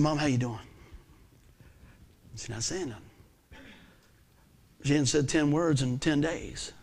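A man, preaching a sermon as a folksy storyteller whose delivery swings from loud bursts to hushed asides. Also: a little high, vocal fry. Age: 50s.

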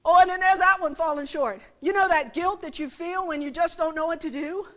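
A woman's voice: extremely high pitch, a little fast, fairly bright tone. A middle-aged woman giving a conversational sermon, often checking that listeners follow her with rhetorical questions. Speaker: preacher.

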